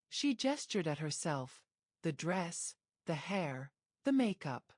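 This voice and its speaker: A woman's voice: sing-song, takes it slowly, a little mellow, no echo, studio quality. A woman narrating a romance drama, reading scripted lines with a dramatic storytelling manner. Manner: dramatic storytelling, acting out dialogue with lifted pitch.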